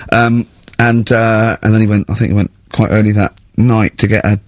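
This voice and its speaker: A man hosting a radio show, telling school stories in a lively way and laughing a lot. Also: fairly low pitch, normal speed, no echo. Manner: animated storyteller, laughing, acting out voices. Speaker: radio host. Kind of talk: casual radio banter. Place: radio studio. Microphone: studio mic.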